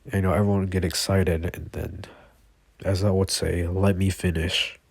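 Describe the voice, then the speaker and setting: A man's voice: low voice, level tone, a little fast, creaky, darkish tone, no echo. A man casually improvising a fan story, rambling with many fillers and self-corrections.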